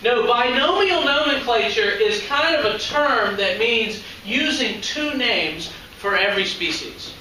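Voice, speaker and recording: Man teaching a class, high voice. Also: animated, measured pace, few pauses, pushed and bright. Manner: conversational, asks the class questions. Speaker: high school biology teacher. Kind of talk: classroom lecture. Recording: echoey classroom from far off, faint noise.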